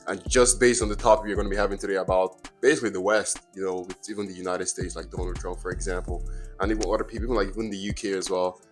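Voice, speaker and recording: Fast-talking deep-voiced male podcast host. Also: level tone, faint music behind. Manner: rambling, repeats words. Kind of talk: casual podcast chat.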